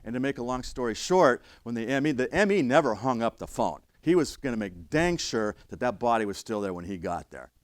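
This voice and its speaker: An older man, an instructor, telling a story in a lecture, emphatic and restarting his sentences, now loud, now quiet. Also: medium pitch, lively intonation, fairly quick, few pauses, dry recording. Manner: emphatic, with frequent restarts and swings in loudness. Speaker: fire service instructor.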